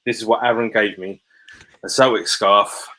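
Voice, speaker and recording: A man's voice: fairly low pitch, fairly even intonation, normal speed, pushed and bright, low-quality recording. A man hosting a live chat, talking in an emotional, slangy way with many restarts. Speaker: host.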